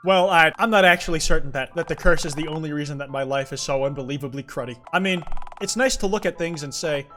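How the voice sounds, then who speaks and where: A down-and-out non-human creature with a gloomy streak, as a man reads his lines aloud, rambling on about his own failures. The voice sits a little high for a man, with soft music faintly underneath. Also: fast. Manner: mopey, rambling, self-deprecating. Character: down-and-out non-human male loser, gloomy and self-pitying. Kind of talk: reading game dialogue aloud.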